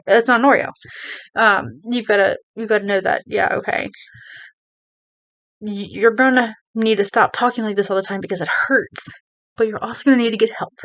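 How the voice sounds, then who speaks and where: Speaking to camera in a casual advice talk, a woman rambles earnestly to her viewers, restarting often and saying "you know" again and again. She's a video creator with a medium-pitched, fairly bright voice.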